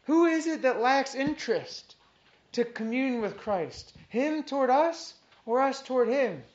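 A woman teaching from the Bible to a small group, reading verses aloud and repeating them with earnest emphasis. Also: high voice. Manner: earnest, reads scripture aloud with emphatic repetition. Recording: dull lo-fi recording.

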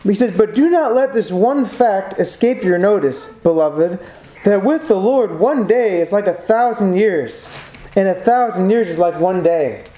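A man's voice: sits high, animated, measured pace, dark tone. A man preaching a sermon, earnest and building emphasis through repetition. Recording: echoey room, faint background noise.

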